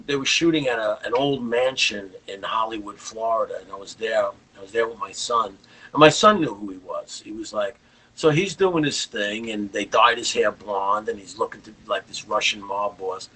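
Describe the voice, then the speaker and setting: A man's voice: on the low side, normal speed, sharp tone, breathy edge, poor audio. An older man, a guest rock guitarist, telling rambling anecdotes in a casual interview.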